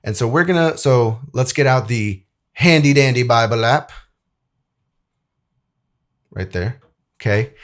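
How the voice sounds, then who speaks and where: Young guy talking about the bible, super casual, says like a lot, reads verses out. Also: mid-range voice. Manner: loose and chatty, many "like"s, acts out quotes. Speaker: video editor presenting a Bible lesson. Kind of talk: casual Bible talk and scripture reading.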